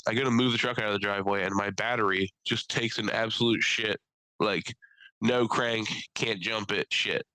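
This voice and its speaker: A man's voice: normal speed, no room sound, rough recording. A young man from the Philadelphia area co-hosting a podcast, chatting casually, swearing freely and often mimicking people. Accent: Philadelphia-area American. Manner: animated, swearing, mimics people in high voices. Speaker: podcast co-host. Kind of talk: casual chat.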